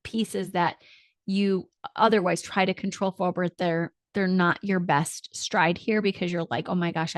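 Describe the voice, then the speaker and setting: A woman's voice: medium pitch, dry recording. A woman marriage coach talking listeners through a solo podcast lesson in an earnest, encouraging way, speaking to them directly.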